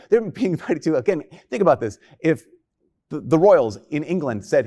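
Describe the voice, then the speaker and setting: A priest giving a homily in a conversational, joking way, often acting out quoted lines. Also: male voice, on the high side, lively intonation, brisk, darkish tone.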